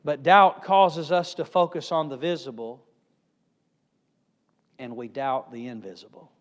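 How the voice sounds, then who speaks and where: A male evangelist preaching a sermon with emphatic swings in pitch and loudness, recorded in a church hall. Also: steady tone, measured pace. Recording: reverberant hall.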